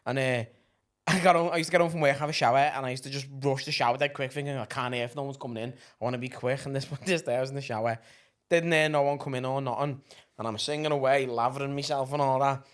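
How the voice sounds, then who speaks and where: A man's voice: mid-range voice, fairly even intonation, fast, smooth. A man, co-hosting a podcast, telling stories in casual chat, swearing freely and laughing through them. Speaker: podcast co-host.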